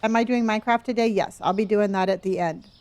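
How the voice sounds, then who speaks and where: A woman's voice: medium pitch, fairly even intonation, fast talker, a little mellow. A woman streaming a game, chatting casually, giving playful running commentary and thanking viewers by name, calling them honey and dear. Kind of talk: casual live-stream chat while playing.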